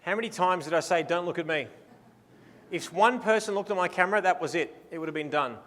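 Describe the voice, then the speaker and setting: A man's voice: high-pitched, fast talker, a bit bright, in a large hall, a little hiss or hum. An Australian man presenting a photography seminar in a casual, enthusiastic, playful way, mixing talk with live posing directions.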